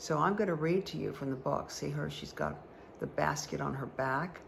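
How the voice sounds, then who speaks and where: A woman's voice: deep voice, moderate pace, vocal fry, slight background noise. A woman giving a card reading for her viewers, chatty and rambling, who often checks in with "okay?". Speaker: spiritual guide reading tarot and angel cards. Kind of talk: casual talk to viewers while reading cards.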